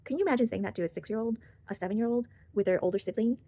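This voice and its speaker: A young woman who hosts a channel shares a personal story, talking very fast in a slightly high, warm voice. Her casual, rambling speech is full of fillers and restarts, recorded close to the mic.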